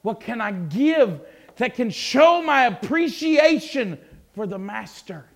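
A man voicing tearful devoted Mary, hushed. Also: on the high side, big pitch swings, slow pace, full character voice. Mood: pleading. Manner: hushed, breathy whispering. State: weeping. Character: devoted young woman Mary, tearful and adoring.

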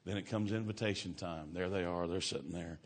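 Middle-aged preacher, man, folksy and exclamatory, slightly low voice. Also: a little fast. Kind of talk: evangelistic sermon with storytelling.

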